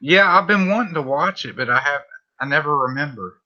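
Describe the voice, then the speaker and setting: A man's voice: a little high, expressive, brisk, bright, forceful tone, muffled recording. A man with a Southern US accent chatting casually on a livestream, laid-back and swearing freely.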